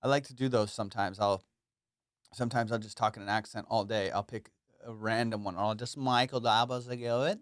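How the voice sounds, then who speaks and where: A man's voice: mid-range voice, fairly even intonation, normal speed, dry recording, studio quality. A young adult man chatting casually on his own solo comedy podcast, rambling, playful and self-mocking, swearing freely.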